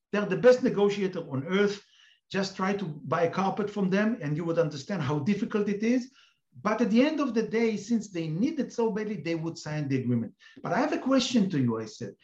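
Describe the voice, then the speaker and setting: Speaking through echoey, dull remote audio, an Israeli-accented man guesting as a counter-terrorism expert explains an anecdote at length with many hesitant fillers. His voice sits high and is a little mellow.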